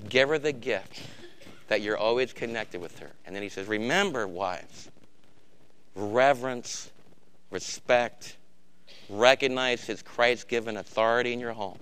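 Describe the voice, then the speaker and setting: Bright, clear-voiced preaching man. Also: medium pitch, a little slow. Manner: preaching with sharp swings from loud emphatic bursts to quiet intensity. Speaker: pastor. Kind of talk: sermon.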